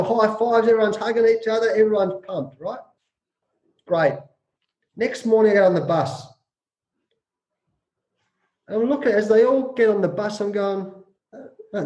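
A middle-aged Australian man, a cricket coach and author, telling a story in an interview and acting out shouted quotes with rapid repetitions. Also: high voice, reverberant.

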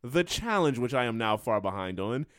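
Lively, playful male podcast co-host. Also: medium pitch, normal speed, no room sound, clean studio sound. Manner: playful, reads nominee lists, laughs often. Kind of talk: casual podcast chat.

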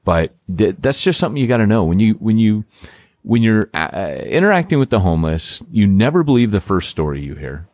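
A man hosting a casual podcast, talking in an animated way, full of "like" and quick restarts. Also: sits low, dry recording. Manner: animated, filler-heavy, lots of "like" and restarts. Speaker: podcast host and church planter.

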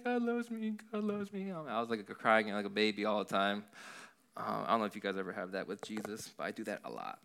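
A man's voice: lowish voice, creaky, pushed and bright. A young adult man, a worship leader, giving a casual youth sermon in an earnest, rambling way, full of "like". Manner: earnest, rambling, heavy use of "like".

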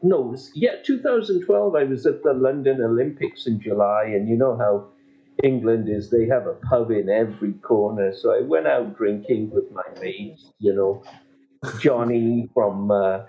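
Man, mid-pitched voice, rambling storyteller in casual chat, muffled recording. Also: normal speed. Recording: dull lo-fi audio.

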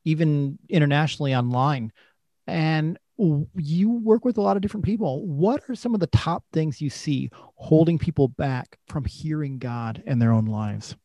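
A man hosting a faith talk show, asking steady, inquisitive questions of his guest. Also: a little high, normal speed, dry recording. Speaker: host. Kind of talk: interview questions.

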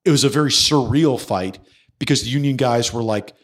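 A man hosts a podcast in loose, casual conversation. He tells his story with lively energy, acting out the people he quotes and cursing freely. His voice sits at an ordinary middle pitch. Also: fairly quick. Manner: animated storyteller who acts out quoted voices, swears freely. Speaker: podcast host.

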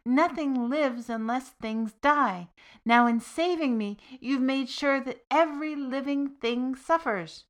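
An elderly widowed mother, anxious and bossy, in a lifted, higher voice, put on by a woman reading the tale. She gives orders and frets aloud. This is a spoken folk tale for a podcast. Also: slow. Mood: scolding. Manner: raised, fretful, commanding. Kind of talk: storytelling podcast.

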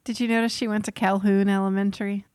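A woman's voice: medium pitch, little pitch movement, quick pace, a little mellow, clean tone, no room sound, clean studio sound. A woman co-hosting a podcast in casual chat, telling and explaining things in a chatty way. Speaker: podcast co-host.

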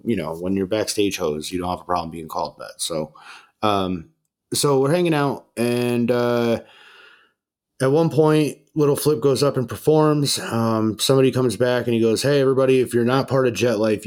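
A young man hosting a casual chat, telling a long story in a laid-back, profane way with many fillers and acted-out quotes. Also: fairly low pitch. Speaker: podcast host.

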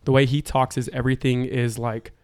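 Guy on a podcast, smooth clear voice, dry sound, keeps going "right?" to make his point. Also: mid-range voice, little pitch movement, fairly quick, darkish tone, dry recording. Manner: emphatic, repeats "right?" to check in. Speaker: podcast co-host. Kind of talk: casual chat.

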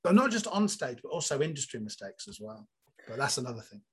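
A comedian guest from Cornwall, telling candid, animated anecdotes with self-mocking asides in an interview. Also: male voice, mid-range voice, fast talker, husky. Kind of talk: storytelling interview chat.

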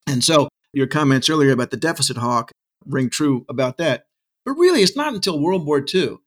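A man's voice: fairly high pitch, lively intonation, brisk, fairly bright tone. A middle-aged man talking with passion as an interview guest, arguing his case with asides and rhetorical questions. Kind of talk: casual interview talk. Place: Texas.

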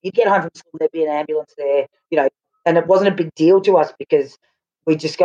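A middle-aged woman co-hosting a podcast, telling stories in an animated, chatty way. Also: sits low, quick pace. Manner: animated storyteller. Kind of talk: casual chat. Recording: slightly dull lo-fi sound.

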